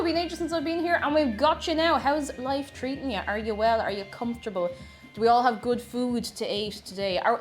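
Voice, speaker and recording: A young woman chatting on a baking live stream, greeting viewers one by one and laughing often. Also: mid-range voice.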